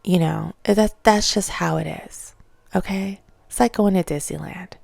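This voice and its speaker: A woman vlogger ranting casually about her opinions, animated and mocking. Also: lowish voice, measured pace, vocal fry, no echo. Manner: animated, mocks others in exaggerated voices.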